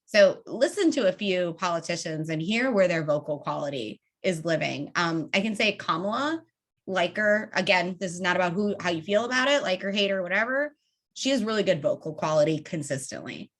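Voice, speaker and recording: Woman vocal coach, somewhat low voice, demonstrative and conversational. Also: expressive, brisk. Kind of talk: public speaking workshop.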